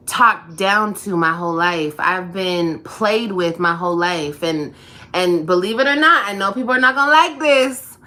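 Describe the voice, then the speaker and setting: A woman with a bright, firm tone speaks slowly and deliberately about her own life. Her delivery is earnest and measured, with a somewhat low pitch. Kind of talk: personal testimony.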